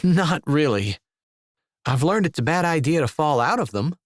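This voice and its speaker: Wry, teasing young woman, lifted pitch, voiced by a male narrator. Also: big pitch swings, normal speed, no room sound. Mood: dry. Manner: dry, teasing.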